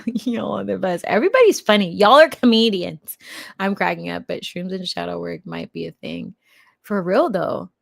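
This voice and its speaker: A woman's voice: mid-range voice, creaky, no echo, clean studio sound. A young adult woman hosting a casual livestream, chatting with viewers and laughing often. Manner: chatty with lots of fillers. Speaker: livestream host. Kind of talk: casual live chat with viewers.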